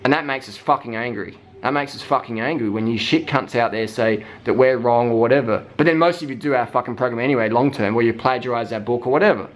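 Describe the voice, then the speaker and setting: A man's voice: mid-range voice, fast, hardly any pauses. A man ranting heatedly, swearing constantly and mimicking people in mocking voices. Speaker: vlogger. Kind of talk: profane rant.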